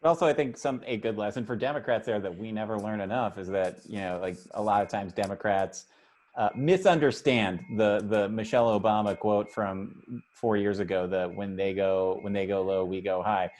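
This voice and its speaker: A man's voice: fairly low pitch, normal speed, darkish tone. A man hosting a panel show over a video call, talking casually with many uhs, stammers and restarts. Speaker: host.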